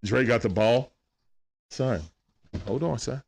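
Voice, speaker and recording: This gravelly, mid-range voice takes it slowly over a little hiss or hum as he streams live, casually narrating a basketball game play by play. Between plays he animatedly greets viewers in chat and talks aside to his son.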